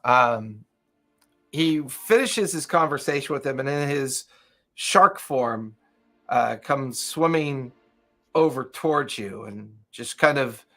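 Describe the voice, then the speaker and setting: A man's voice: medium pitch, slow pace, bright, forceful tone. A man acting as game master, narrating a tabletop game loosely with many fillers.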